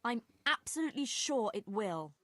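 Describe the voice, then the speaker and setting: High, wistful young village girl. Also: big pitch swings, a bit bright, no room sound, studio quality. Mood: dreamy. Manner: slow, wistful storytelling.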